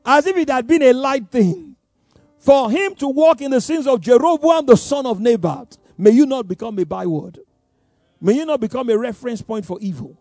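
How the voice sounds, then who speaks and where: A male preacher delivering a sermon animatedly, swinging from loud emphasis to soft asides and laughing between points. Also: very high voice, animated, normal speed, dry recording, studio quality.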